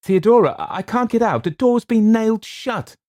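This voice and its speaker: A man reading an audiobook voices a terrified young woman in a high, breathless pleading tone. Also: sing-song, normal speed, vocal fry, darkish tone, breathy edge, dry recording, clean studio sound, exaggerated voice. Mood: panicked. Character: terrified young woman trapped atop a tower.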